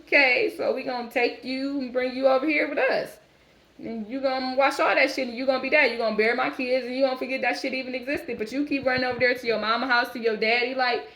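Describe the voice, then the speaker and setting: A woman's voice: high voice, fairly bright tone. A woman speaking as a bitter, racist stepfather who drives a truck, ranting in profane street talk. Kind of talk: channeled monologue in character.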